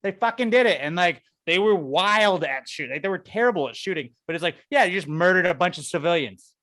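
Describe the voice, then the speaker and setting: A man's voice: high-pitched, quick pace. A man co-hosting a podcast, ranting in casual chat with lots of swearing. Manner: profane, excitable, rants with put-on quotes. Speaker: podcast co-host.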